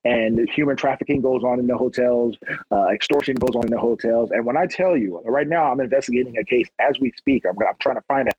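A man's voice: medium pitch, a little fast, husky, dull audio. A middle-aged man from Long Beach, a police officer telling stories in a casual interview and acting out the people he quotes. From Long Beach, California. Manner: animated storyteller who acts out quotes.

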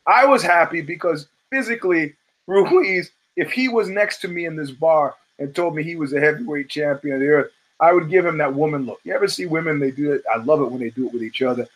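A man's voice: on the high side, a little fast, rough recording. A man from the United States hosting a show, telling stories in a casual, profane monologue and acting out the people he quotes. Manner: profane, animated storyteller who acts out quotes. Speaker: show host.

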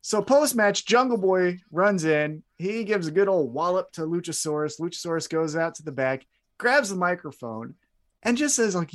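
Animated joking male podcast co-host. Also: high-pitched, moderate pace. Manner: joking, animated, acts out quotes. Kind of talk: casual wrestling podcast chat.

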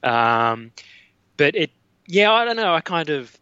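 A man's voice: a little high, big pitch swings, unhurried, bright, forceful tone, clean tone, dry recording, muffled recording. A man with an Australian accent, a podcast guest, talking through film opinions with many fillers and restarts. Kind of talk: casual film discussion.

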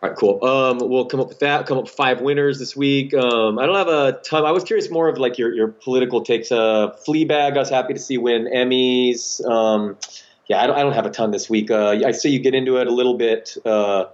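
A man's voice: medium pitch, brisk. Laid-back man on dull lo-fi audio. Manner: laid-back, hesitant, many fillers. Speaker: podcast co-host. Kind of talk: casual podcast chat.

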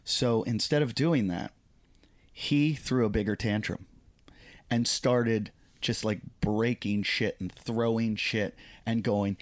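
A man's voice: lowish voice, fairly even intonation, takes it slowly. A man, a comedian, telling a casual story on a podcast, acting out quoted voices and swearing freely.

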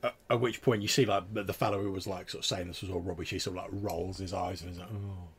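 A man's voice: low-pitched, steady tone, quick pace, slightly rough. A man narrating as game master in a casual, hesitant way with many fillers.

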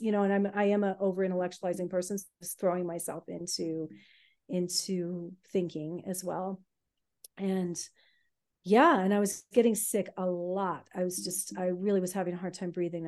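A woman telling her own life story on a podcast, candid and halting, with many fillers. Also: medium pitch, warm tone.

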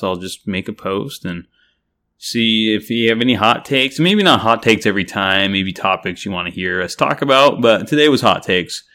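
A man co-hosting a sports podcast, talking in a relaxed, hesitant way full of fillers. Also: fairly low pitch. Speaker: podcast co-host. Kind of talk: casual chat.

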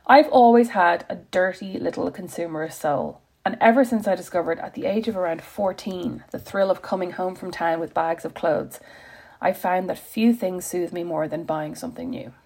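Woman, wry confessional reader, husky with a bit of fry. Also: on the low side, moderate pace, a little mellow. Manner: wry, self-deprecating, confessional. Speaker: blogger reading her own post. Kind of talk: reflective personal reading.

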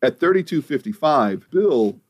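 A man co-hosting a comedy podcast, recapping timestamps in a dry, deadpan play-by-play. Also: mid-range voice, measured pace, slightly rough, no room sound, dull audio. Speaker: podcast co-host.

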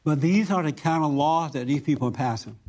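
Male host type, slightly high pitch, drives points home by repeating them. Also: a little fast, darkish tone. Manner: emphatic, preachy, repeats his points. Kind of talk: talk show discussion.

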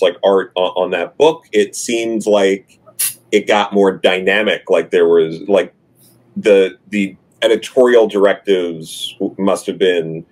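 A man co-hosting a casual interview, asking questions in a halting way with frequent fillers and restarts. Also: low-pitched. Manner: halting, fills with "you know" and restarts. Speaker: podcast co-host.

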